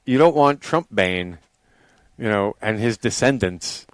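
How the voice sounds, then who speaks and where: A man's voice: on the low side, lively intonation, unhurried, smooth, dry recording. A man hosting a podcast in wry, laid-back casual chat. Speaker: podcast host.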